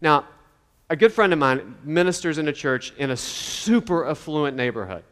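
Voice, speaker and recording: A man's voice: fairly high pitch, animated, moderate pace, a bit bright, clean tone. Conversational male preacher in a hall. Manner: conversational, acts out quoted voices. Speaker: pastor. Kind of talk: sermon.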